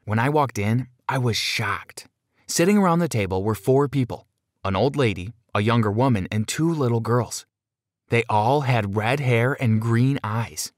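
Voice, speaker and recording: A man narrating a first-person story in an expressive, dramatic way. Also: medium pitch, a little slow, no room sound, clean studio sound.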